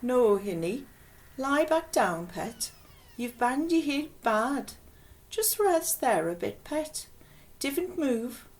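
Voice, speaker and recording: A woman voicing a kindly, tired Geordie mother who speaks gently and soothingly, with a faint Norwegian tinge in her accent. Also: sits high, sing-song, slow, pitched above the performer's own voice, heavily acted.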